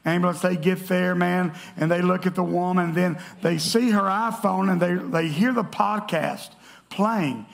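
Male pastor, lively joking sermon delivery to a congregation; high-pitched, gravelly tone. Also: moderate pace. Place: church sanctuary.

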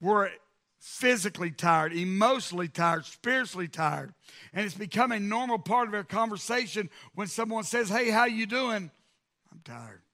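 Man, pastor, sermon, high voice, gravelly fry, emphatic preaching. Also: moderate pace. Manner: emphatic preaching, rising to shouted repetitions.

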